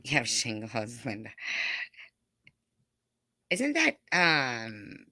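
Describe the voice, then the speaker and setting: A woman's voice: rumbling low, slow, sharp tone, dry recording, studio quality. A middle-aged woman hosting a casual live stream, chatting with viewers in a rambling, giggly way full of fillers.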